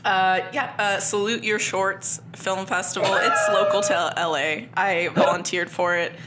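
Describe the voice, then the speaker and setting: A woman co-hosting a film podcast, chatting casually in quick replies. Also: mid-range voice, steady tone, noisy background. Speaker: podcast co-host. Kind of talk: casual chat.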